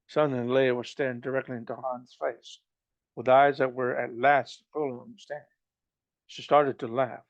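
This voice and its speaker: A man reading a novel aloud, halting and restarting as he goes. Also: mid-range voice, flat delivery, no echo, dull audio. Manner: halting, with frequent restarts and slips. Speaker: reader.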